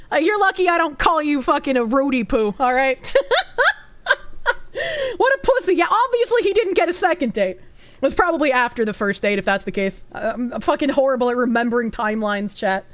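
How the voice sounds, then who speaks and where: A woman's voice: high voice, big pitch swings, fairly quick, no echo. A woman streaming as a VTuber, chatting crudely with heavy swearing and frequent laughter, rambling and cutting herself off mid-sentence. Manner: crude, heavily profane, laughs often; rambling and self-interrupting. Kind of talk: casual reaction stream chat.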